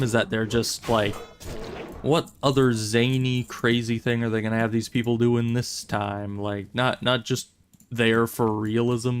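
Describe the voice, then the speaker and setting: A man's voice: mid-range voice, clean tone. Rambling male game streamer. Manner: rambling, wry, self-interrupting. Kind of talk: casual gameplay commentary.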